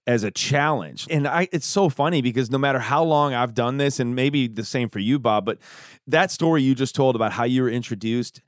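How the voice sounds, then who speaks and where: A man's voice: medium pitch, no room sound, studio quality. A man hosting a podcast who chats with his guest and swaps in his own stories. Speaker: podcast host. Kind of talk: conversational interview.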